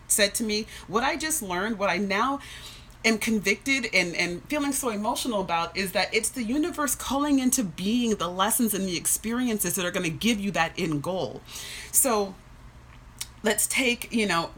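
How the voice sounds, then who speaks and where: A woman's voice: mid-range voice, fairly bright tone, slight background noise. A woman hosting a live stream, talking earnestly and emotionally, near tears, with many restarts. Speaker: fitness social media host. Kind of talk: casual live-stream talk and reading aloud. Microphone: phone.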